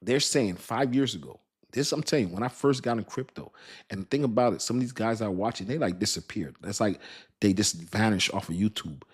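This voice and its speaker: A man with a fairly low voice talks straight to his viewers about crypto markets. He rambles in a loose, slangy way, restarts his sentences and laughs often. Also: brisk, breathy edge. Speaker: crypto video host. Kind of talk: casual talk to camera.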